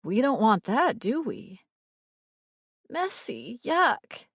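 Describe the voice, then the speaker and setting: A woman voicing a weary young father who talks to a small child quietly and patiently. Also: fairly high pitch, sing-song, drawn-out words, husky, no room sound, clean studio sound, pitched above the performer's own voice, full character voice. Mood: coaxing.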